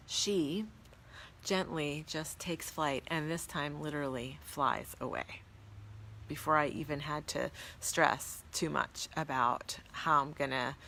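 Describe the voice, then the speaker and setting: A woman hosting a spiritual live stream shares a personal story with viewers in an earnest, reverent, awed way and reads their comments aloud. Her voice is low and a little bright.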